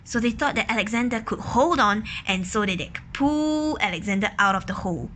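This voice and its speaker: A woman reading a children's picture book aloud, pausing to ask questions, explain words and imitate quacking ducks. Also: mid-range voice, animated, fairly bright tone, a little hiss or hum. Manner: imitates quacking and gasps for effect. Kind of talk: children's story read-aloud.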